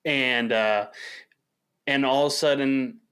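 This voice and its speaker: A man co-hosting a podcast, telling a kitchen story in a casual, animated way and swearing freely. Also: medium pitch, takes it slowly, clear, resonant tone. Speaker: podcast co-host.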